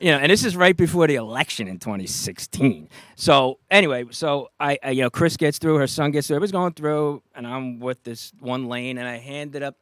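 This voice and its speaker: A middle-aged man with a New York accent spins a story in a casual way, putting on the voices of the people he quotes. His voice sits at an ordinary middle pitch, and the recording is dry and close. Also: fairly quick, hardly any pauses, dry recording. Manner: animated anecdotes, acts out quoted voices, laughs often. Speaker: guest, retired police officer.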